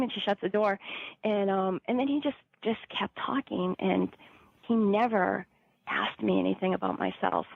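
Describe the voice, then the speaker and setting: A woman's voice: medium pitch, big pitch swings, normal speed, creaky, breathy edge, no room sound. A woman telling her own story in a chatty way, full of fillers like "like" and "you know", on a dry, slightly dull recording. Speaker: guest.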